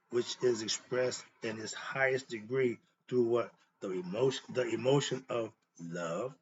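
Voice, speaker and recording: Blunt man teaching with rhetorical questions. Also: medium pitch. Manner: poses rhetorical questions and answers them himself; emphatic, blunt and conversational. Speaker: philosophy teacher. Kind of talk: informal lecture. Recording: dull lo-fi sound with faint noise.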